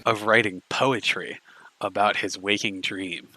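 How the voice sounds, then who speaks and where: A man's voice: lowish voice, fairly even intonation, unhurried, pushed and bright, no echo, rough recording. A man hosting a casual group stream, mockingly reading aloud and stumbling over his words. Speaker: stream host.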